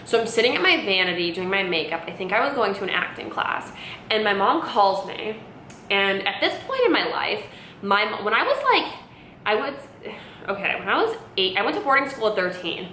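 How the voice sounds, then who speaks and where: A woman's voice: mid-range voice, a little fast, slight background noise. A woman in her late twenties telling a personal story to camera in a rambling, casual way, full of "like" fillers. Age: late 20s. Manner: rambling, many "like" fillers, animated retelling. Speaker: vlogger. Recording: roomy, echoey room.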